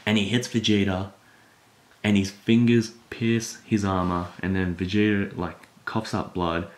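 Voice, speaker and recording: A man casually recapping a manga chapter for his channel, rambling with lots of fillers and retelling scenes with excitement. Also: sits low, unhurried.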